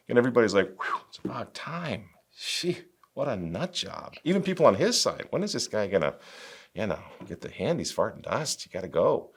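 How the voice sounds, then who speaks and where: Animated, mocking middle-aged male host. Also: mid-range voice. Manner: sarcastic, mocking asides. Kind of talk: animated political commentary.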